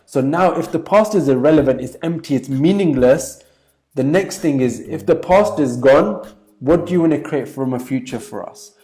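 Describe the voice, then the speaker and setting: A man's voice: a little high, moderate pace, dark tone. A man giving an emphatic motivational talk as a business coach, repeating points with many fillers.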